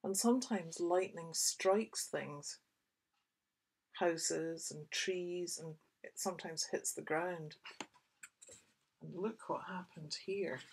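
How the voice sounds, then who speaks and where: A woman, a children's author, reading her picture book aloud for young children with expressive, whispery asides. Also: on the low side, takes it slowly, vocal fry, a little hiss or hum.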